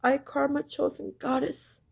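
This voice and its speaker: Addressing her viewers directly, a spiritual storyteller shares a casual story-time monologue, intense and emphatic, full of repetition and swearing. Her voice sits high and sounds gravelly, with a level tone and slightly slow pace.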